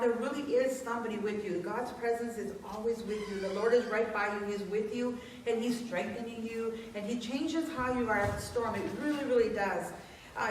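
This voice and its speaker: A woman pastor delivers a casual, conversational sermon, weaving personal stories into her message. Her voice sits a little high. She is recorded from a distance in a strongly echoing church with faint hiss beneath. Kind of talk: informal sermon. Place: church sanctuary. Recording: echoey room, distant mic.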